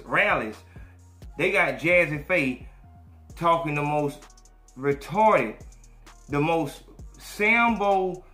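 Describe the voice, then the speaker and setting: A man hosting a podcast who tells stories in casual, profane, animated talk and acts out what others said. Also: fairly high pitch. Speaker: podcast host. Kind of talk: casual storytelling chat. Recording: echoey room, faint music.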